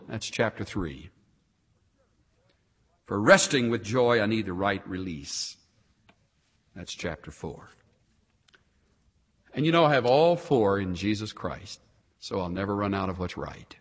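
Preacher man with lively emphasis, echoing hall. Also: fairly low pitch, a little slow, pauses often. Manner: animated, swings between loud emphasis and soft asides. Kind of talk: sermon.

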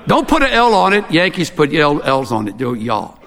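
A man's voice: on the high side, very animated, a little fast, a bit bright, long reverb tail. A man doing a drawling Southern speech coach. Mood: instructive.

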